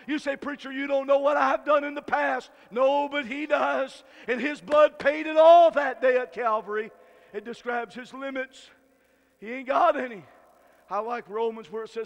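A high-pitched male preacher raised in rural Michigan delivers a fiery Baptist sermon. He talks in a folksy, plain way, swelling into shouts and stretching his words out slow. A long reverb trails every phrase, as in a big hall. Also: steady tone, vocal fry. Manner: shouting climaxes and slow drawn-out emphasis.

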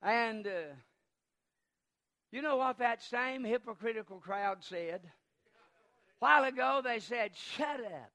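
A man preaching a sermon, impassioned and swelling into shouts. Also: extremely high pitch, slow, long pauses.

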